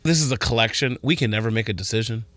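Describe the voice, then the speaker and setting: A Midwestern American man co-hosting a casual morning radio show, animated and quick to laugh, talking while in some pain. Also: lowish voice, no room sound. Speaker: radio co-host. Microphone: studio microphone.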